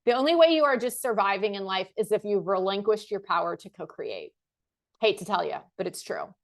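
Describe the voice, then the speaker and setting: A woman at an ordinary, middle pitch who hosts a motivational talk. She repeats affirmations slowly and with weight, then slips into casual, self-mocking asides. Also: very animated. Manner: slow, emphatic repetition of affirmations; laughs and self-corrects casually. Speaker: life coach host.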